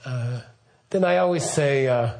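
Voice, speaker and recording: Unhurried and gravelly, with a mid-range, darkish tone, a middle-aged man delivers a casual Buddhist teaching. He rambles, frequently questions his listeners, and peppers his talk with "okay" and "right."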